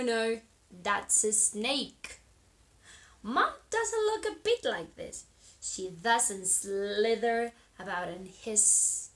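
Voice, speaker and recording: A woman's voice: a little high, a bit bright, heavily acted. A woman voicing a little lost young male monkey in a read-aloud storybook, insisting with sing-song rhymes.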